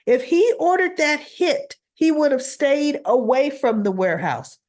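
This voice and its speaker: High-pitched and unhurried, a woman gives a casual rundown of a soap opera episode. She brings the scenes to life with animated retelling, performing the characters' lines herself.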